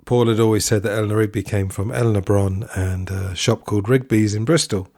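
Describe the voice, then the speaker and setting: A man's voice: fairly low pitch, fairly even intonation, fairly quick, vocal fry, a little mellow, no room sound, studio quality. A man hosting a podcast, talking through a film review in a musing, digressive way with asides. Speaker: podcast host. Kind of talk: solo film review commentary.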